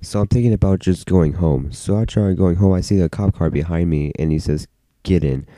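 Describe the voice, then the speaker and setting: Teen guy vlogging a story, super deep dark voice, dry close sound, says like a lot. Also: a little fast, no echo, low-quality recording. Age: teens. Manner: rambling, many "like" fillers. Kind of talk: casual storytelling.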